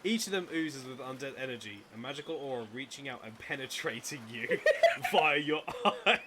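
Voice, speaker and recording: A man's voice: mid-range voice, animated, moderate pace, background noise. A man reading a game's story aloud in a mock-dramatic way, breaking off for joking asides. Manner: playful, mock-dramatic, swears for laughs. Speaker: streamer reading a visual novel. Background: game music.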